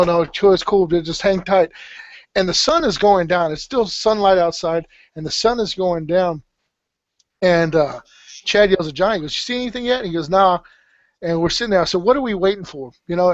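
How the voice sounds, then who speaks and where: A man's voice: high voice, no echo. A middle-aged man, rambling through a story on a podcast with many restarts and some swearing. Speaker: podcast guest telling a story. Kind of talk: casual storytelling. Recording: dull, slightly muffled podcast audio.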